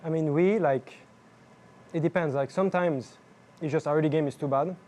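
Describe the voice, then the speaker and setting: A young man, a professional gamer, answering post-match interview questions in halting, filler-heavy speech. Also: a little high, mellow, a little hiss or hum. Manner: halting, filler-heavy, non-native phrasing. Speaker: pro jungler interviewed after a match.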